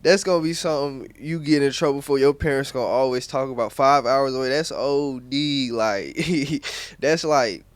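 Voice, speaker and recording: Blunt slangy North Carolina podcast host. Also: male voice, medium pitch, moderate pace, clear, resonant tone, no echo. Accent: Southern US, North Carolina. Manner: blunt, slangy, profane, loose restarts. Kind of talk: casual commentary to camera.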